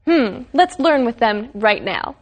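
A woman co-hosting an English lesson, explaining words in simple, measured terms. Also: on the high side, animated, noisy background. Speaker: radio English lesson co-host. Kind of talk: explaining vocabulary.

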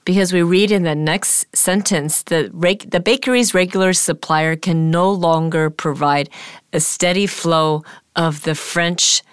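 A woman's voice: on the low side, steady tone, unhurried, smooth, no echo, clean studio sound. A woman co-hosting a casual English lesson, chatting and giving everyday examples. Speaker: English teacher co-host. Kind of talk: casual explanatory lesson chat. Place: studio in Taipei.

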